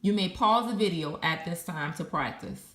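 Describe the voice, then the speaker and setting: A woman's voice: fairly low pitch, moderate pace, a bit bright, reverberant. A woman teaching a recorded Spanish lesson, patiently spelling out verb endings letter by letter.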